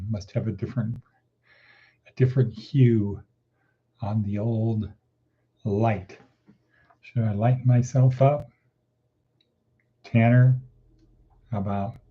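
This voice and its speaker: A man's voice: fairly low pitch, fairly even intonation, slow, pauses often, slightly rough, highs cut off. A man hosting his daily morning podcast in a rambling, casual way, repeating phrases for emphasis. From Nevada. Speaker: podcast host.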